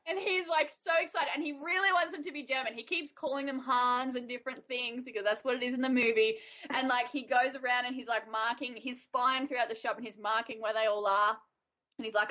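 A woman co-hosting a casual chat, retelling a story in an animated way with frequent giggles. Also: on the high side, brisk. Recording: dull lo-fi audio.

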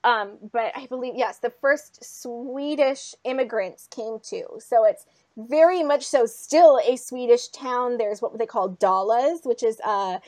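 High-voiced chatty Minnesota woman. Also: measured pace. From northern Minnesota. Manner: chatty, animated storytelling. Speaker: podcast host, journalist. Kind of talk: casual chat.

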